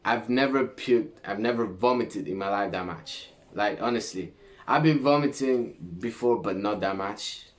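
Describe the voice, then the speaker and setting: A young man from Greece telling a story to camera in a casual vlog, animated and full of swearing and slang. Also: lowish voice, moderate pace. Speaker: vlogger.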